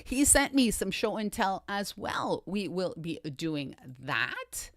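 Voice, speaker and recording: A woman's voice: mid-range voice, big pitch swings, takes it slowly, no room sound, clean studio sound. A woman hosting a casual livestream chat, upbeat and greeting viewers by name with repeated catchphrases. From Canada. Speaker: livestream host.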